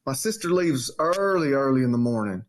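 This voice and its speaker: A man casually telling a story on a podcast and acting out the quotes in a raised voice. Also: brisk. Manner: animated storyteller, acts out quotes in a high voice. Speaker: podcast co-host.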